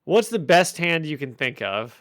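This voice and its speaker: A man's voice: on the high side, big pitch swings, normal speed, a bit bright, dry recording, clean studio sound. A man hosting a podcast, casually recapping a comic with jokes and frequent laughs. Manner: jokey, laughs often while recapping. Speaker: podcast host. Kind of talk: casual chat.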